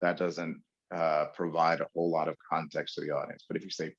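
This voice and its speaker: Low-voiced man presenting a webinar. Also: flat delivery. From New York. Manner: fillers, emphatic pauses. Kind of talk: webinar lecture on public speaking. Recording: dull lo-fi webinar audio.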